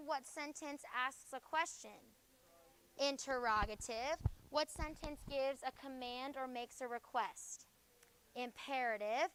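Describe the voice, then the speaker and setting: A woman teaching a junior high grammar review in a classroom, firing quick questions at the class and ending points with "okay?". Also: fairly bright tone, clean tone, low-quality recording.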